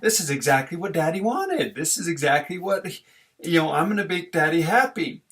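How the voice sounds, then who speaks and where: A man's voice: a little high, very animated, brisk, fairly bright tone, voice pushed up. A man voicing his own young child, who is eager to please and then apologetic.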